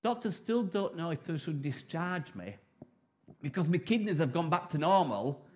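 A man's voice: fairly high pitch, lively intonation, normal speed, a little mellow, lo-fi sound. A middle-aged man preaching a sermon in a chatty, humorous way, acting out prayers and replies.

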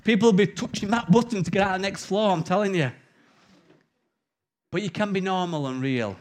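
A middle-aged man preaching an informal sermon, telling stories with big swings from loud to hushed. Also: high voice, a little fast.

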